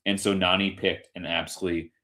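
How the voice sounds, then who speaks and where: A man with a very deep voice co-hosts a casual football podcast. He rants with heat and swears freely, piling up his points. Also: level tone, fast, vocal fry, bright, forceful tone. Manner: heated ranting, swears freely, acts out others in quoted bits. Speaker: podcast co-host. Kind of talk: casual sports chat.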